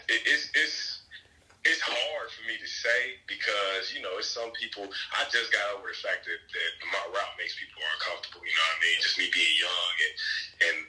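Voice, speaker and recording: A man's voice: on the low side, bright, forceful tone, poor audio. A man in his late twenties from Kansas City, an assistant basketball coach talking in a casual podcast interview, laid-back and full of "man" and "bro". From Kansas City, Missouri. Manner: laid-back, peppers speech with "man" and "bro", restarts often.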